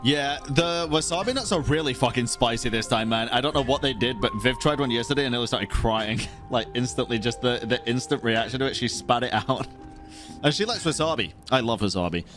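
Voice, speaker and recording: A man's voice: medium pitch, animated, brisk. A man streaming a game, reacting casually with jokes and swearing while munching on snacks. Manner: joking, swears casually, rambling. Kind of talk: casual reaction commentary over gameplay. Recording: talking over game audio with music.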